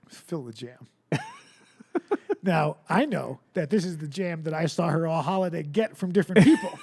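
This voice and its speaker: A man's voice: on the high side, moderate pace, a little mellow, breathy edge. A young man co-hosting a comedy podcast, telling rambling stories in a wry, joking casual chat. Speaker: podcast co-host.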